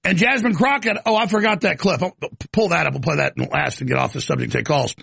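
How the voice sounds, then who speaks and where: Gravelly ranting talk show host man. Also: on the high side, fast talker, fairly bright tone, no echo. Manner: ranting, repetitive stammering restarts. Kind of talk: live talk show rant.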